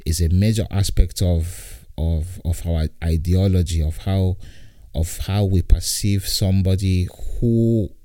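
A man's voice: low-pitched, fairly even intonation, a little slow, dark tone, no room sound, studio quality. A man in his twenties from Italy, hosting a casual podcast monologue from home while lying down, rambling with frequent repeats and laughs. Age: 20s. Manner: rambling, repetitive, laughs often. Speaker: podcast host and comedian.

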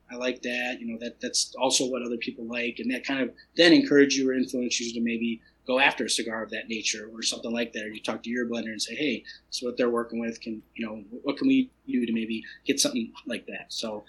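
A man as a podcast guest in casual chat, relaxed and chatty with many fillers, with a husky voice. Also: medium pitch, low-quality recording. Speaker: podcast guest, cigar brand owner.

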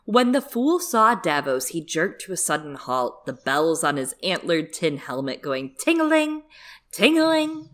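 A woman's voice: low voice, animated, a little slow, few pauses, a bit bright. A woman voicing a capering male court fool who chants an eerie sing-song rhyme.

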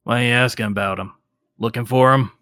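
A man's voice: mid-range voice, fairly even intonation, fast talker, fairly bright tone, no echo, studio quality, natural voice. A man voicing a wary old male bar patron in a tabletop game, drawling his lines.

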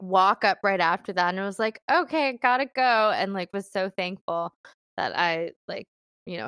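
A woman's voice: on the low side, fairly bright tone, smooth, no room sound, clean studio sound. A young woman telling a bad-date story in casual chat, filler-heavy and laughing often. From Philippines. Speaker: guest telling a dating story.

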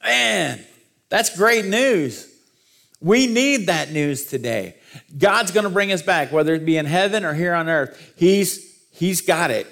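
Man, pastor, sermon, gravelly, slightly higher voice, earnest storytelling. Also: lively intonation, normal speed, fairly bright tone. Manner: storytelling preacher, earnest with self-deprecating humor.

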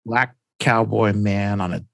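A man's voice: lowish voice, steady tone, measured pace, gravelly, fairly bright tone, no echo. Rambling man recapping a comic. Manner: rambling, many "like"s and restarts. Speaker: podcast host.

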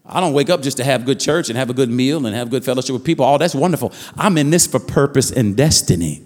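A man's voice: mid-range voice, expressive, quick pace, in a large hall. A man preaching a fervent sermon as pastor, repeating phrases and building with rising calls to the congregation.

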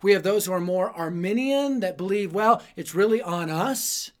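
A man hosting a youth ministry teaching episode, telling stories with animated, dramatic delivery. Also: sits high, moderate pace. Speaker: youth ministry speaker and host. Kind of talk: evangelistic teaching talk with storytelling.

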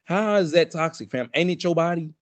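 A man, co-hosting a casual podcast chat and ranting in a profane, animated way. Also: on the high side, a little fast, no echo. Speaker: podcast co-host.

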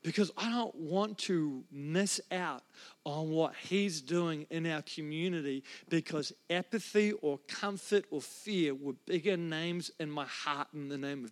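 A man preaching a sermon as a pastor, telling a personal story in an earnest, emotional way with frequent restarts. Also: fairly high pitch. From New Zealand. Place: church.

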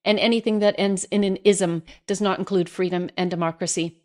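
A Canadian woman hosting an online show, talking earnestly to her viewers with many pauses and fillers. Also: mid-range voice, steady tone, a little mellow. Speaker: host. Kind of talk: direct-to-camera commentary.

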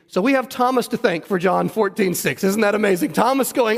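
A man's voice: sits high, lively intonation, a little fast, creaky, few pauses, in a large hall. A man preaching a sermon in church, talking conversationally and putting questions to the congregation. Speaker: pastor. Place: church sanctuary.

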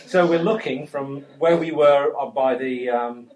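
A man's voice: on the high side, steady tone, a little fast, hardly any pauses. A man from Britain telling a rambling, self-mocking story to a live audience, with lots of fillers. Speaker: fan telling a story at a meetup.

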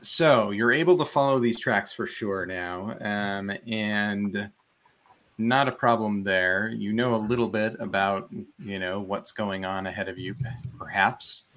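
A man's voice: on the low side, a little slow, fairly bright tone. A man acting as game master, reading descriptive passages and guiding the players. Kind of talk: narrating a tabletop game.

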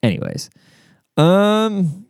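A man's voice: sits high, huge pitch swings, drawn-out words, gravelly, a little mellow, clear, resonant tone, no echo, studio quality. A man hosting a podcast, talking in a rambling, profane, casual monologue with lots of fillers and asides. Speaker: podcast host. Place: outdoors.

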